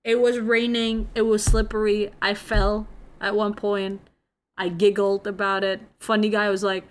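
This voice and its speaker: A woman's voice: medium pitch, little pitch movement, a little slow. A young woman, chatting casually to her stream viewers and rambling through a story. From Indonesia.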